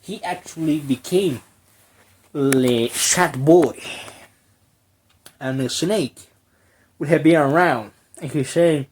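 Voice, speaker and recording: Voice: medium pitch, slow pace, long pauses, a little mellow, husky. A video commentator with a strained throat, giving rambling, sarcastic commentary full of mock-dramatic asides.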